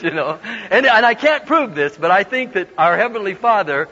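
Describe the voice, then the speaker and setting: Bright-voiced man preaching in a hall. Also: high voice, normal speed, husky. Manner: animated, laughs often, acts out quoted voices. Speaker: guest preacher. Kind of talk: humorous storytelling sermon. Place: large hall with an audience. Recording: dull lo-fi sound with long hall reverb.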